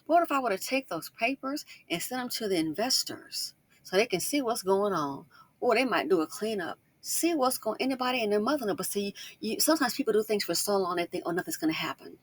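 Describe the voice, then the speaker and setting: A woman giving casual online commentary, talking fast and slangy and repeating points for emphasis. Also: medium pitch, animated. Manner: talks fast, tries to slow herself down. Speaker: YouTube commentator.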